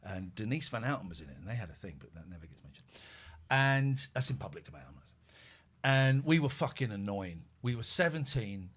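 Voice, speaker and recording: Animated, sweary middle-aged podcast host. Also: male voice, on the low side, brisk, breathy edge. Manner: drops to a hushed murmur when tending his pet. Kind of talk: casual chat.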